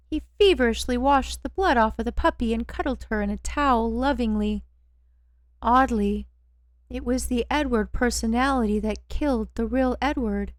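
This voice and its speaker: A woman narrating a first-person audiobook in a slow, measured way. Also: on the high side, dry recording.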